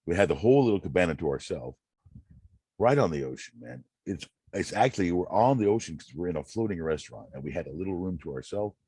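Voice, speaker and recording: Deep husky man musing slowly. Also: lively intonation, warm tone, dry recording. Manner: slow, drawn-out, rambling, repeats words. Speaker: channel host. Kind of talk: reading self-help quotes with casual musing.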